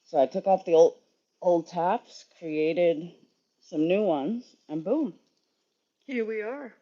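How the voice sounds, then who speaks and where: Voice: medium pitch, slow pace, warm tone, dull audio. A sleepy, yawning streamer rambling and swearing in casual chat with viewers while working in a garage. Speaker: livestreamer.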